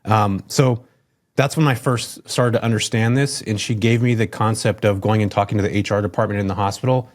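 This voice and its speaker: A man's voice: fairly low pitch, steady tone, a little fast. Upbeat middle-aged man telling stories. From California. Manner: upbeat, enthusiastic, chatty. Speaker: podcast guest, real estate investor. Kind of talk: casual storytelling.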